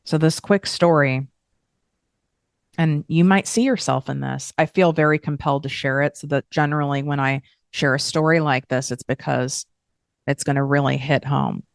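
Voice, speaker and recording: A woman's voice: deep voice, steady tone, moderate pace, creaky, no echo, clean studio sound. A woman hosting a podcast, talking frankly and emphatically in a candid self-help monologue, swearing casually. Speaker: podcast host.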